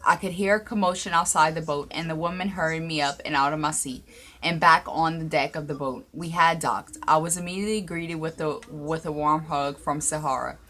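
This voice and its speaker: Low-voiced woman narrating a story. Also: steady tone, brisk, a bit bright. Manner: reads aloud with small slips and restarts. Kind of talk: first-person story narration.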